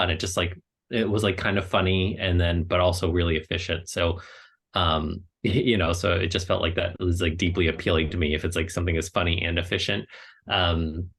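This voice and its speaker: A man with a very deep voice talks on a video call. He is from the United States and answers as a guest author. He rambles casually, filling his sentences with "like" and short laughs. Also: fairly even intonation, gravelly, fairly bright tone. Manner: rambling, heavy use of "like", quick laughs. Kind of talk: casual answers to a book club.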